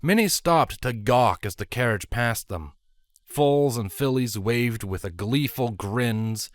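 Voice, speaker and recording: Brief: male audiobook narrator, animated pitch, dry close sound. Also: dry recording. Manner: expressive storytelling. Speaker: fanfiction reader.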